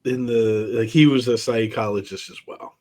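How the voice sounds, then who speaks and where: Low-voiced podcast co-host chatting. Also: male voice, steady tone, moderate pace, a little mellow. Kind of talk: casual chat.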